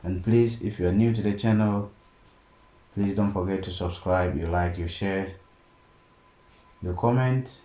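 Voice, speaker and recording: Low-voiced guy walking thru a design tutorial, slow, keeps saying okay, echoey room w/ a bit of hiss. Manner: steady step-by-step explaining, frequent "okay?" check-ins. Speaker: software tutorial instructor. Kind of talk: screen-recorded tutorial narration. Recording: echoey room, faint background noise.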